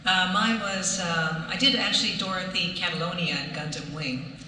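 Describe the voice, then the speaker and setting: A woman's voice: lowish voice, moderate pace, pushed and bright. A woman voice actor chatting on a convention panel, hesitant, with frequent ums. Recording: echoey convention hall, distant mic, noisy.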